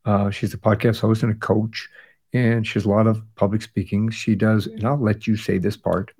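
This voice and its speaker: A man's voice: lowish voice, little pitch movement, normal speed, darkish tone, breathy edge. A man hosting a podcast, recapping past episodes in a casual chat with fillers and restarts, sounding tired. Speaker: podcast host.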